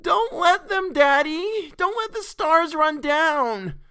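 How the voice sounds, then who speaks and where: A man's voice: sing-song, a little fast, full character voice. A man voicing a frightened little girl who wails and shrills in a storybook reading. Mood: wailing. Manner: wailing, high and loud.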